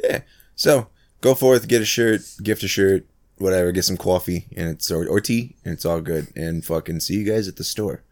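Deep-voiced dude swearing thru a story on a podcast, real casual. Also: male voice, moderate pace. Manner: profane, animated storyteller. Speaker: podcast co-host. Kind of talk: casual chat.

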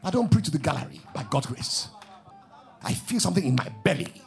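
A man preaching a fervent sermon, shouting, chanting, repeating phrases and praying in tongues. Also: on the high side, lively intonation, a little fast, creaky, slightly rough.

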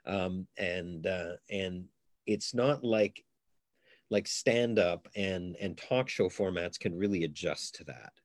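Deep-voiced rambling comedian. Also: male voice, slow, dry recording, clean studio sound. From Canada. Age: middle-aged. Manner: rambling, anecdotal, many restarts. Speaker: comedian guest. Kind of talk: casual interview chat.

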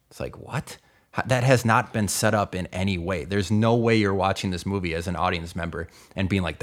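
Man, very low voice, emphatic, incredulous podcast host. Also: steady tone. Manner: emphatic, incredulous, deliberate stresses. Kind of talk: casual movie discussion.

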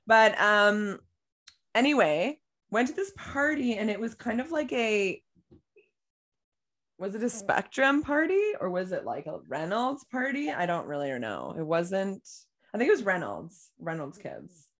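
Young woman podcast co-host, bubbly and giggly, a lively pitch that jumps all over, casual chat. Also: measured pace. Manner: bubbly, giggly, animated storytelling. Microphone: remote call mic.

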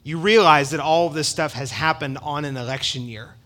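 A man's voice: fairly high pitch, brisk, a bit bright. A middle-aged man preaching a sermon in an emphatic, conversational way, with asides to the congregation. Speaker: pastor.

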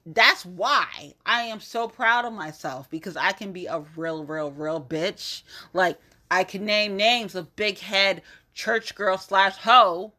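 A woman's voice: medium pitch, pushed and bright. A woman hosting a podcast, ranting in a blunt, profane and exasperated way in a casual monologue. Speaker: podcast host.

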